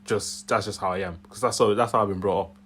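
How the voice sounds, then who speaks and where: Quick-paced and steady, this young man's lowish, fairly bright voice carries a Yorkshire accent with a Nigerian tinge. Hosting his channel solo from his room, he rambles casually and chuckles often, with a little hiss or hum in the background.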